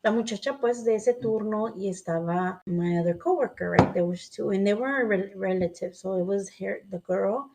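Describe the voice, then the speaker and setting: A woman's voice: mid-range voice, moderate pace, few pauses, heavy background noise. Bilingual woman telling a story casually. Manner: switches between English and Spanish mid-sentence, swears casually. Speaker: podcast co-host.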